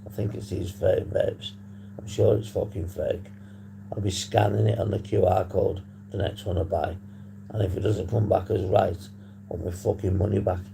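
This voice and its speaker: Man, from the UK, husky, low gravelly voice, very dark tone, slow rambling live-stream chat, faint hum. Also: flat delivery. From United Kingdom. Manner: rambling, swears casually, addresses chat. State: husky voice from a long phone call. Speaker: livestream host on addiction recovery.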